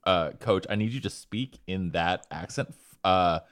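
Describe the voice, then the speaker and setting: A man hosting a sports podcast in a relaxed, joking manner. His voice sits a little low. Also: measured pace, smooth, no echo, clean studio sound. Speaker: podcast host. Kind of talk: casual sports podcast chat.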